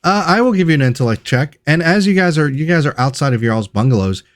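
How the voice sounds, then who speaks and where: A man narrating as game master of a tabletop game, relaxed and loose with fillers. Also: on the high side, fast talker.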